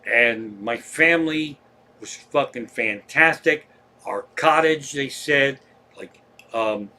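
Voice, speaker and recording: Profane Pennsylvania comedian telling stories. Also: male voice, mid-range voice, takes it slowly. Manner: profane, animated storytelling. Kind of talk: live-streamed storytelling.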